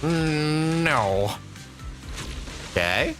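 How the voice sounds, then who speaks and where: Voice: medium pitch, animated, drawn-out words. A game streamer giving casual, laid-back commentary, cursing and laughing while reading along. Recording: game audio with faint music behind.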